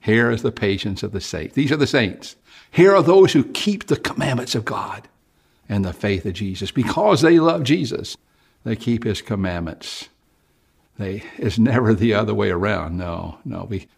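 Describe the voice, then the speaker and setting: A man's voice: on the low side, expressive, moderate pace, gravelly, husky. An older man preaching an evangelistic sermon, with earnest, pleading appeals to the listener. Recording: music playing behind.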